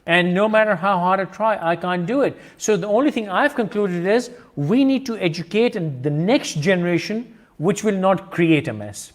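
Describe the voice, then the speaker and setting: Emphatic high-voiced man hosting. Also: normal speed, few pauses. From Pakistan. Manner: emphatic, insistent. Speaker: host. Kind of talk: video-call discussion.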